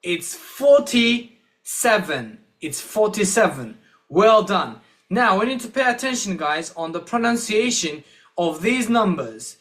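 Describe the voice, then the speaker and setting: A man teaching English, giving a slow, encouraging classroom-style lesson and repeating words for learners. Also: high-pitched, expressive, a bit bright.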